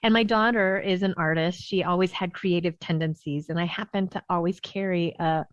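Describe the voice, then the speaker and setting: A woman's voice: lowish voice, normal speed, no echo. Chatty woman pediatrician, dull dry recording. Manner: lively storyteller, laughs often, many "you know" fillers. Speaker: behavioral pediatrician guest. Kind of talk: podcast interview storytelling.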